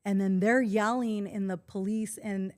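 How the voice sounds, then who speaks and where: A woman in her forties, a podcast guest, telling a personal story in casual conversation, calm and earnest. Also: mid-range voice, measured pace. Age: 40s.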